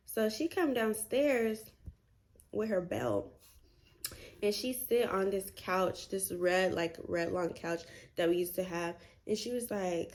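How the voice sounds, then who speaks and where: A woman in her twenties telling a story to her viewers in a vlog, animated and chatty, full of "like" and "y'all". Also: mid-range voice. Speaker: vlogger.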